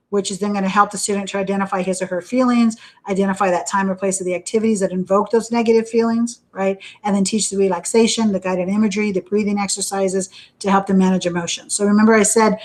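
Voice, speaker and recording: Chatty woman lecturing, "right?" every line. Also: medium pitch. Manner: conversational, checks in with "right?" constantly; acts out panicked inner voices. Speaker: university lecturer. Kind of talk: recorded lecture.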